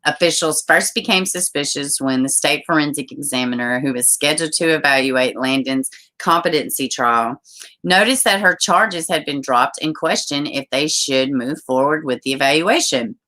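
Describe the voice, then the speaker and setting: A woman hosting a casual live stream, reading news stories and viewer comments aloud, chatty and quick to laugh. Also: low-pitched, sharp tone. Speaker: livestream host.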